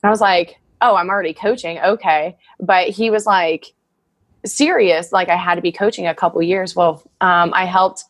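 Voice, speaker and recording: A woman's voice: on the low side, fairly even intonation, moderate pace, no room sound. A woman in her thirties telling personal stories in a casual interview, emotional and full of fillers and laughter. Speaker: guest, wrestler.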